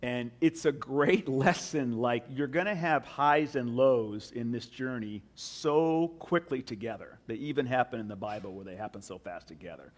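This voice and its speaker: A man preaching a sermon in a relaxed, conversational manner, with a middle-pitched voice. He often restarts his sentences and drifts into asides, as if talking with friends. This is a pastor teaching in church. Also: normal speed, few pauses.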